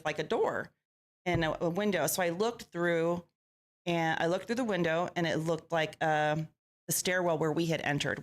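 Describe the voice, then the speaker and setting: Low-voiced woman telling a lively story. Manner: lively storyteller who acts out quoted lines. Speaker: paranormal investigator guest. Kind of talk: casual interview storytelling.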